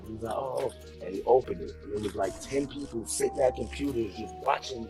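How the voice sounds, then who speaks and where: Laughing man telling an animated story. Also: lowish voice, fairly quick. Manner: animated, laughing, acts out the dialogue. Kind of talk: casual storytelling chat. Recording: talk with loud music behind.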